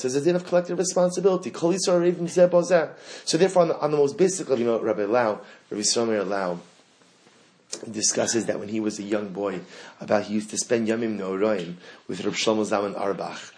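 A man teaching a Torah class, animated and rising to impassioned pleading, sprinkling Hebrew and Yiddish terms through his English. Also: fairly low pitch. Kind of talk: Torah lecture.

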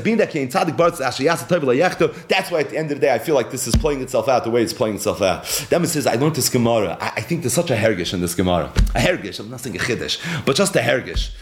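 Lively man teaching Talmud. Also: quick pace, slight background noise. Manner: animated, swings between high and low when telling the story; mixes Hebrew and Yiddish terms into English. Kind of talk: Talmud lecture.

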